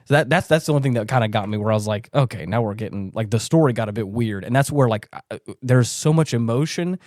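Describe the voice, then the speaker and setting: A young man co-hosting a podcast, talking casually about a film in a rambling, animated way and acting out the characters' lines in high voices. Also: quick pace, dry recording, studio quality. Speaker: podcast co-host.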